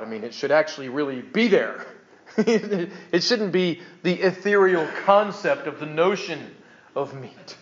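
Joking pastor with a slightly high voice. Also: male voice, fairly bright tone, highs cut off. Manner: chatty, joking, stumbling restarts. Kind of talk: conversational sermon. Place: church.

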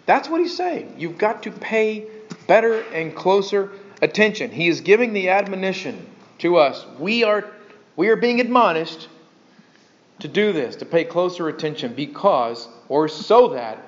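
A male pastor delivering a sermon with lively, animated preaching. His voice sits fairly high for a man and keeps jumping into little acted-out voices and rhetorical questions. The recording is a bit muffled and dull.

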